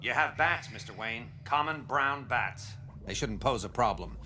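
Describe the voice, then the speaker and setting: An actor voicing a calm, matter-of-fact male zoologist in an animated series, with measured, explanatory delivery. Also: mid-range voice, a little hiss or hum.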